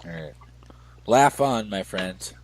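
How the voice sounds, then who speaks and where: A man hosting a podcast, teasing his guest in loud, playful casual banter. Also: fairly low pitch, expressive, takes it slowly, background noise. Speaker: podcast host.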